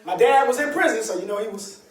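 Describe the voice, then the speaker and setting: A man speaking as a motivational speaker, telling a personal story to an audience in an animated, colloquial way with laughter. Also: high voice, quick pace, a crowd in the background. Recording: echoey room, distant mic, faint ambience.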